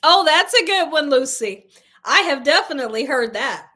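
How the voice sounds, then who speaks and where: High, lively-voiced woman livestream host. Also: moderate pace. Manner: chatty storyteller, laughs often, addresses viewers as y'all. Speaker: cooking channel host. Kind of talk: casual livestream chat, reading viewer comments.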